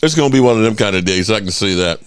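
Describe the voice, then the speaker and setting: Laughing animated sports stream host. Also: male voice, fairly low pitch, rapid-fire, clear, resonant tone. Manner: laughs a lot, repeats lines mockingly. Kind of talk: live reaction stream.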